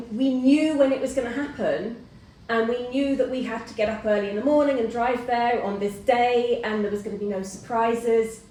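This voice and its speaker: A middle-aged woman hosting a casual chat, telling a personal story in an animated way and acting out the voices of people in it. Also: medium pitch, slight background noise. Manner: animated storyteller who acts out quoted voices. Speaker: host. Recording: roomy, distant mic.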